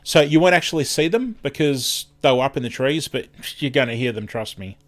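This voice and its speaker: Aussie guy rambling on a live stream, middle pitch, keeps losing his words and restarting. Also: lively intonation, a little fast. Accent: Australian. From Australia. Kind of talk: casual live-stream chat.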